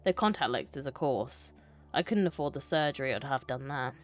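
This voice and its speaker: A woman's voice: very deep voice, animated, moderate pace, voice pushed down. A woman reading a falsely casual, sweet-talking nurse in a story game. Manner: studied casualness.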